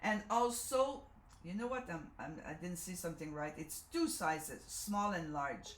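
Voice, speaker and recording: A woman's voice: on the low side, lively intonation, measured pace, a little hiss or hum. A woman with a Canadian French accent, French her first language, demonstrating a sewing machine in a chatty, self-correcting way, often asking "okay?". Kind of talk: live product demonstration. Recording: echoey room.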